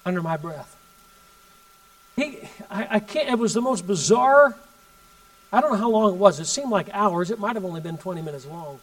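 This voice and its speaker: A man preaching a sermon and telling a story, emphatic, swinging from loud bursts to hushed asides. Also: sits high, lively intonation, normal speed, long pauses, recorded from a distance, rough recording.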